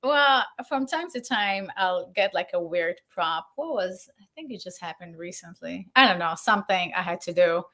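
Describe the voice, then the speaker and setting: A woman Foley artist telling stories as an interview guest, animated and laughing, acting out the voices of the people she quotes. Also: fairly low pitch, moderate pace, few pauses. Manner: animated, acts out quoted dialogue, laughs often. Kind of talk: casual interview storytelling.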